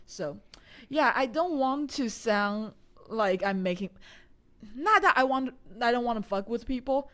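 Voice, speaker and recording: A woman's voice: fairly high pitch, lively intonation, unhurried, a bit bright. A young woman co-hosting a casual podcast, talking in a hesitant way and stopping to search for words. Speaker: podcast co-host. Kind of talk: casual chat.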